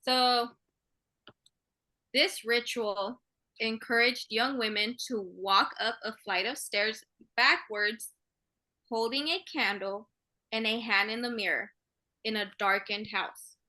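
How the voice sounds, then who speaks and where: A woman podcast co-host reading a legend in a slow, measured way. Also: a little high, pushed and bright, poor audio. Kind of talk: casual chat and reading a legend.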